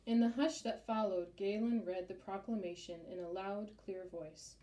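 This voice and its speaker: A woman narrating a children's chapter book in a steady, measured reading voice. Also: mid-range voice. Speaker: audiobook narrator. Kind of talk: storybook narration. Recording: roomy echo.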